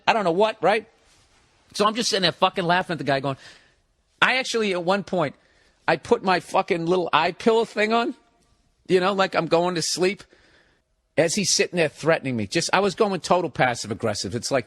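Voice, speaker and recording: Comedian man, fairly high voice, swearing and cracking up through a story. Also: moderate pace, no room sound. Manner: profane, animated, laughing through the telling. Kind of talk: casual comic storytelling.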